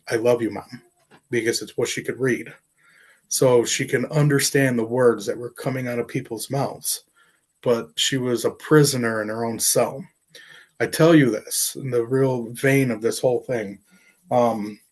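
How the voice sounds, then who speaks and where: A middle-aged man, an artist, telling a personal story in an interview, earnest and emotional, halting with fillers. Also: mid-range voice, darkish tone. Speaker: artist and professor.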